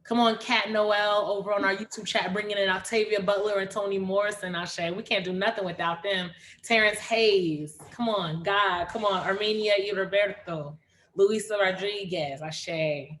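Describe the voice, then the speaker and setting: A woman hosting a livestreamed poetry reading, lively and chatty, calling out names and urging the audience on. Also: medium pitch, normal speed, slight background noise. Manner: lively, calls out names and cheers on the chat. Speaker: host of an online reading series.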